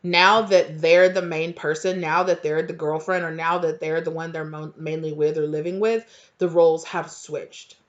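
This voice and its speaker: A woman's voice: sits low, flat delivery, normal speed. Chatty woman tarot reader, lo-fi. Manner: chatty, filler-heavy, laughs often. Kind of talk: casual tarot reading.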